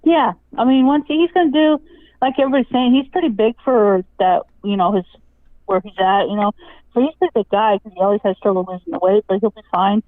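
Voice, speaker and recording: A woman's voice: medium pitch, fast talker, dry recording. A woman calling in to a live stream, chatting in an effusive, emotional way and laughing often. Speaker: caller. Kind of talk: casual chat on a live stream. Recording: tinny phone line.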